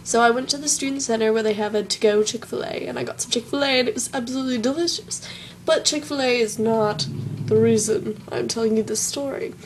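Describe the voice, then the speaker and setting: A woman's voice: a little high, fairly quick, slight background noise, poor audio. A young woman with a Southern American accent, telling a story in a chatty, wry, self-mocking way on her vlog. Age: young adult. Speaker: vlogger.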